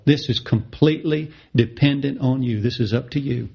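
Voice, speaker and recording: A middle-aged man preaching a sermon, passionate and repetitive, his voice climbing high on the words he stresses. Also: moderate pace, gravelly, dark tone, husky. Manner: impassioned, repeats phrases for emphasis, rises sharply in pitch on key words.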